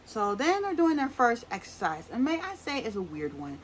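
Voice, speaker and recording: A woman giving a casual, opinionated recap of a reality show, chatty with sassy asides and quick voice impressions. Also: on the high side, huge pitch swings, slight background noise, poor audio.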